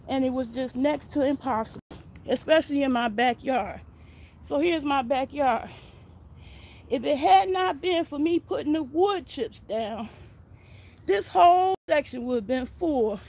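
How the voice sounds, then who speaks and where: Her voice sits high and a little mellow as this older woman walks viewers around her backyard garden outdoors, phone in hand. Breathless and folksy, she gives a casual tour for her gardening vlog.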